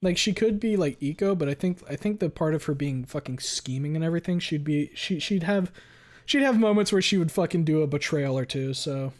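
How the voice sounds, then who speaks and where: A man's voice: a little high, animated, fairly quick, darkish tone. Chatty swearing male streamer. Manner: chatty, swears often, fills with "like". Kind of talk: casual live-stream chat with viewers.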